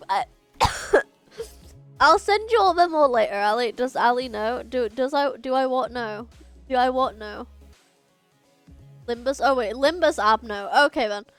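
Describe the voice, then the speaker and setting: A woman livestreaming a story game and talking to her chat, her voice sitting high. She is excitable and swears freely, tripping over her words and starting again. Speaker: streamer. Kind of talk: casual game stream commentary.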